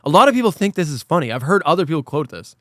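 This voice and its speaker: A man on a casual podcast who rants with animation and swears freely. His voice sits somewhat high for a man, and the recording is close and dry. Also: very fast, no echo. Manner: animated, ranting, profane. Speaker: podcast host. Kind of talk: casual chat.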